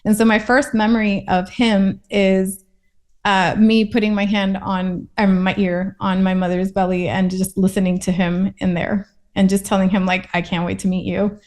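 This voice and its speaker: A woman's voice: medium pitch, flat delivery, normal speed, a little mellow. A woman from Puerto Rico, a guest in a casual interview, talking in a reflective, thoughtful way.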